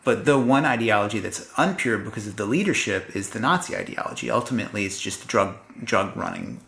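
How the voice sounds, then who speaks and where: A man's voice: on the low side, sing-song, fast, a bit bright. A man hosting a casual film-discussion podcast, chatty and swearing, with many fillers. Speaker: podcast host. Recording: roomy echo.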